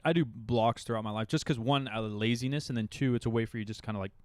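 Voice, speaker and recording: A man in his thirties chats loosely as a podcast co-host, piling on fillers like "like" and "kinda". His voice sits at an ordinary pitch. It is recorded dry, with almost no room sound. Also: quick pace, no echo. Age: 30s. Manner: chatty, animated, frequent "like" and "kinda". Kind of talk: casual chat.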